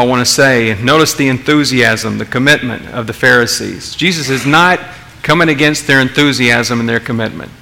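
A man's voice: medium pitch, gravelly, pushed and bright. A man preaching a sermon as pastor, emphatic, asking the congregation rhetorical questions and often repeating words as he restarts.

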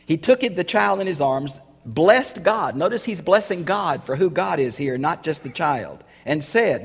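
A man preaching a sermon, emphatic and building to loud rhetorical questions. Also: a little high, expressive, unhurried, gravelly, few pauses, husky, in a large hall.

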